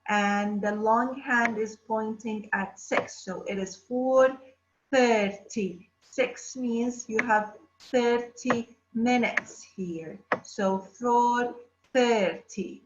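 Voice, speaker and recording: A woman teaching an English lesson to children, drawing out words slowly and asking the class questions. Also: on the high side, a little hiss or hum. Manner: slow, drawn-out words, addressing children. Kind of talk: distance-learning phonics lesson. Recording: roomy, dull lo-fi sound.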